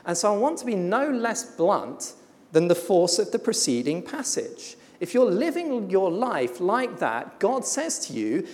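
Preacher, sermon, animated pitch, emphatic, blunt, long hall reverb. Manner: emphatic and blunt, with slow weighty pauses.

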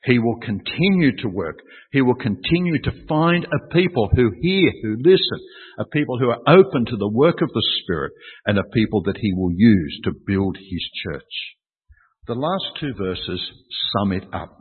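A man's voice: medium pitch, expressive, moderate pace, husky. A man preaching a sermon, emphatic, repeating key phrases and asking rhetorical questions of his listeners. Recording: tinny, echoey hall with long reverb.

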